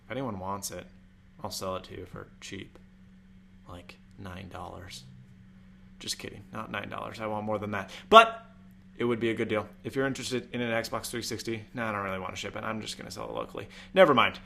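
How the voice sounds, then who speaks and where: A man's voice: lowish voice, fairly even intonation, quick pace, gravelly, pushed and bright, a little hiss or hum. A young man hosting a casual tech live stream, chatty and rambling, with jokey asides. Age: young adult. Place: home room.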